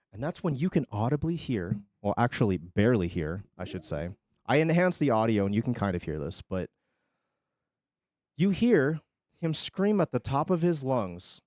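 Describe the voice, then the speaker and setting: A man's voice: medium pitch, moderate pace, no room sound. A male streamer talks straight to his chat about something that happened, rising and falling in volume as he tells it, and he swears freely. His voice sits mid-range on a close desk mic with a dry, tight sound. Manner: animated retelling, swings loud and quiet, swears freely. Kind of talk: casual storytelling to stream chat.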